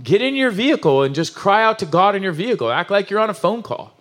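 A man preaching a sermon in an animated, emotional, conversational way, full of asides and restarts. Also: high voice, fast talker. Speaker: pastor.

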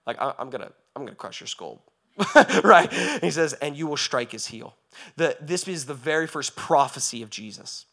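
A male pastor giving a sermon, moving from quiet reflection to loud, impassioned preaching with rhetorical questions asked again and again. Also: mid-range voice, animated, moderate pace. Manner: asks rhetorical questions over and over.

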